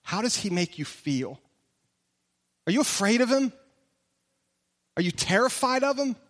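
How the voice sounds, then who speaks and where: A man's voice: high voice, sing-song, measured pace, fairly bright tone. A male pastor preaching a conversational, emphatic sermon full of direct questions to the congregation in a large church hall.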